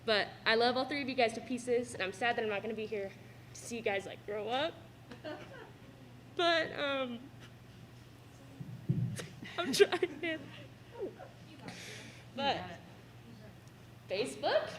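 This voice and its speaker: Young woman, fairly high voice, tearful thank-you speech with nervous laughs, faint cafeteria hum. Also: takes it slowly, long pauses, fairly bright tone. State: fighting back tears. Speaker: student athlete giving a farewell speech. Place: school cafeteria.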